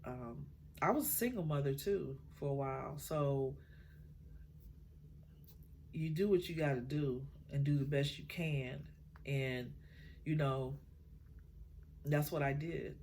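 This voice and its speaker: A middle-aged woman, a mother, talking from the heart about raising her children, halting often and getting tearful at times. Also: a bass voice, a little mellow, a little hiss or hum. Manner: emotional, halting, many fillers. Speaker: mother sharing her story. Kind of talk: heartfelt personal talk.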